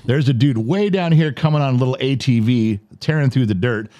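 A man in his forties hosting a podcast in a studio, telling a story in a lively, profane, laughing way. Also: medium pitch, a little fast. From United States. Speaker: podcast host. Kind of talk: animated storytelling chat.

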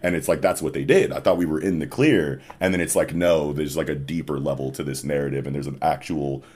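A young man chatting on a podcast about manga, enthusiastic and full of "like" fillers, dropping low and quiet on serious points. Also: fairly quick. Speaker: podcast co-host.

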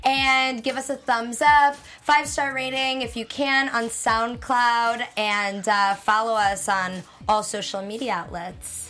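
A woman hosting a casual studio panel chat, bubbly and quick to laugh. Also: on the high side, fairly even intonation, sharp tone, faint music behind. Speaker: host.

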